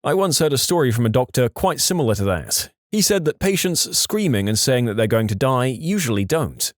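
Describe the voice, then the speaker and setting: A man narrating online stories for a podcast, with a lively, playful delivery and voiced quotes. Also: medium pitch, brisk, no echo, clean studio sound. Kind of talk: reading online stories aloud.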